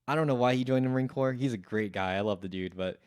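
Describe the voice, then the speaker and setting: As a podcast guest, a young man with a mid-range voice tells a rambling story in casual chat, swearing freely and acting out what others said. He talks fast and smoothly, and the clean studio sound has no echo.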